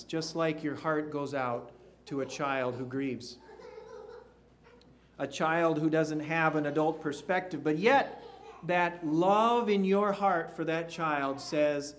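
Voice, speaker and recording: Slow, earnest male preacher. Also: a little high, slight background noise. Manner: earnest, drops to a hush on key phrases. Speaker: pastor. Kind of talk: sermon.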